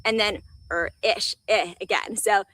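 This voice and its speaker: A woman's voice: a little high, lively intonation, brisk, sharp tone. A woman presenting an instructional video, patiently encouraging the viewer step by step. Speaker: tutorial presenter.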